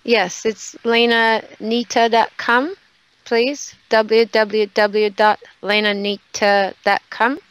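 A woman's voice: on the high side, little pitch movement, slow pace, smooth, low-quality recording. A woman evangelist, a guest on a talk show, speaking in an affirming way. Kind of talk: casual talk show chat.

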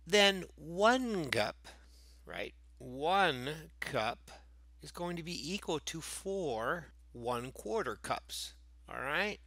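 Bright, playful man teaching math. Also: fairly high pitch, big pitch swings, extremely slow, creaky, no echo. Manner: goofy, jokey, breaks into silly voices and asides. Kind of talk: playful math review lesson.

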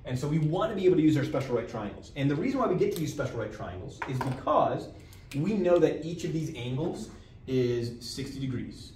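A man's voice: on the high side, very animated, brisk, a little mellow. A man teaching a geometry lesson in a classroom, repeating key terms and checking in with "all right?". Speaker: math teacher. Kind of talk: classroom lecture. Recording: roomy, distant from mic, faint background noise.

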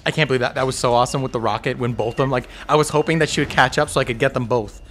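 A man giving panicky, excitable commentary while playing a video game, talking to himself and cheering out loud. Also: mid-range voice, rapid-fire, a little hiss or hum. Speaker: gameplay streamer. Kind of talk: live gameplay commentary.

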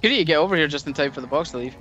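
Brief: a quick, slightly high-voiced man swearing casually through a co-op game session over a headset. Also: expressive, bright, forceful tone, muffled recording, faint music behind. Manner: profane, blunt, quick to banter. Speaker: co-op game player. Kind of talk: casual gaming chat.

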